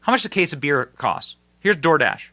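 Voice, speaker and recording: A man hosting a political commentary show, his voice bright and forceful and pitched a little high. He talks emphatically and mockingly, jumping between loud high bursts and low, quieter asides. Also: big pitch swings, a little fast. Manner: emphatic and mocking, with big swings in pitch and loudness.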